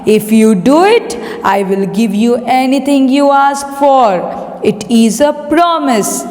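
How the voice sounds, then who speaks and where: A woman teacher with an Indian English accent reading a proud, stern king's lines slowly in a class play. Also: sits high, expressive, a little mellow. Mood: commanding. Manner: reads slowly and deliberately. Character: proud, stern adult male king. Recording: echoey room with long reverb.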